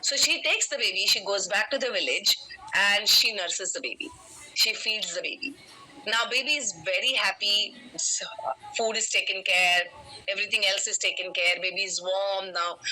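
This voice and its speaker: A woman, a motivational coach telling a story in an online session, animated and emphatic, speaking straight to her listeners. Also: medium pitch, slight background noise, low-quality recording.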